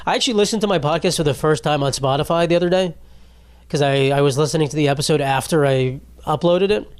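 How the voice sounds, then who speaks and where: Rambling profane young man, slightly high voice. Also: fast talker, no echo. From United States. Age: 20s. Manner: rambling, profane, jokey, trailing off with "bro" and "dude". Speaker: podcast host. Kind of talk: casual solo podcast monologue.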